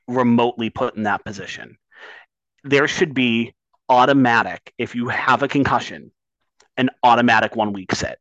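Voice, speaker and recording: A man's voice: mid-range voice, fairly bright tone, dry recording, poor audio. Impassioned man on a sports podcast. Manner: impassioned, swears when worked up. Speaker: podcast co-host. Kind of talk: casual sports talk.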